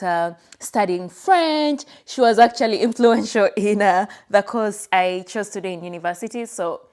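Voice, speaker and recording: Young woman vlogging, chatty and animated, telling her story to the camera, middle pitch. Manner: chatty, animated, acts out quotes from her past.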